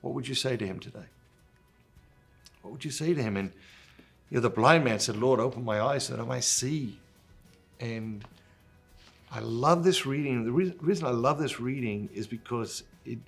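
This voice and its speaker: Over soft background music, a middle-aged man with a mid-range voice hosts a Catholic gospel reflection at a moderate pace. He reads scripture, then discusses it earnestly and conversationally, with fillers and restarts.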